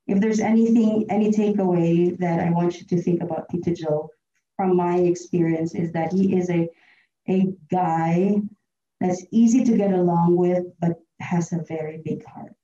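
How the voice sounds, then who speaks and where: A woman's voice: on the low side, fairly even intonation, moderate pace, mellow, slight background noise. Woman, heartfelt eulogy, laughs often, dull lo-fi, echoey. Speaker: tribute speaker at a memorial. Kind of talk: personal eulogy. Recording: roomy, distant, dull lo-fi sound.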